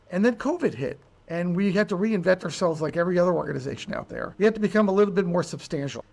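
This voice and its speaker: A middle-aged man, a bereaved father, telling his story in an earnest, halting way, his voice dropping low and soft at the painful moments. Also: gravelly. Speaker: bereaved father and charity founder. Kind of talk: emotional personal storytelling.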